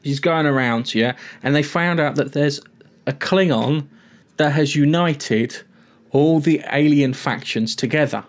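A man in casual conversation, retelling a TV episode in a rambling, animated way and swearing freely. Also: on the high side, a little slow. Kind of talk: casual TV recap chat.

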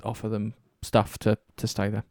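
A man's voice: fairly low pitch, moderate pace, vocal fry, no echo, studio quality. Sweary rambling man. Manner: rambling, swears often, animated storytelling. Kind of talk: casual chat about games.

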